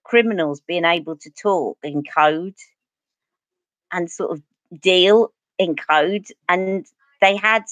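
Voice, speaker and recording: A woman's voice: fairly low pitch, takes it slowly, a bit bright, no room sound. A Cockney woman from East London, a beauty vlogger chatting casually and rambling through stories while doing her makeup on a livestream.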